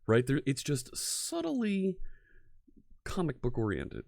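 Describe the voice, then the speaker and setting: Lively, chatty American stream host. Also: male voice, mid-range voice, slow, creaky, dry recording, studio quality. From United States, near Philadelphia. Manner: chatty, greets viewers, laughs easily. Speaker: live-coding stream host. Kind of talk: casual livestream chat.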